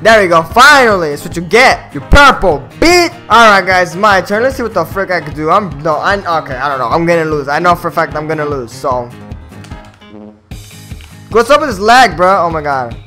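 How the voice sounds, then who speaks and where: A man giving live, slangy gameplay commentary, excitable and prone to loud outbursts. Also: a little high, fairly quick, soft background music. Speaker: gaming video host.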